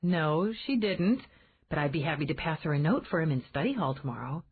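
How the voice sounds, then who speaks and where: An outspoken young woman, as a woman reader plays her, talking in high, exclamatory, swooping bursts. The sound is thin and tinny, as if heard over a phone. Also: brisk, husky, heavily acted. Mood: animated. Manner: exclamatory, animated.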